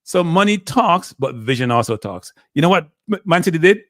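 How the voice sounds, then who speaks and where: A man hosting a casual football talk show, asking animated rhetorical questions and talking with Jamaican-tinged phrasing. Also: a little high, fairly quick, no echo, clean studio sound. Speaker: show host.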